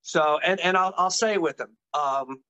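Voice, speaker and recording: A middle-aged man, an occupational therapist and guest, telling stories in an animated, enthusiastic conversational way. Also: a little high, a little slow, clean tone, poor audio. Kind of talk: conversational interview storytelling.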